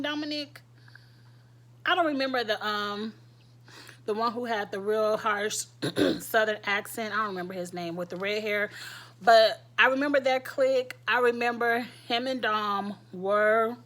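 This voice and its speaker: A woman giving chatty, sassy commentary as a show reviewer, her throat irritated so that she keeps clearing it. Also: fairly high pitch, a bit bright. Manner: chatty, sassy, laughs often. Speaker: reality TV reviewer. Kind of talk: casual commentary.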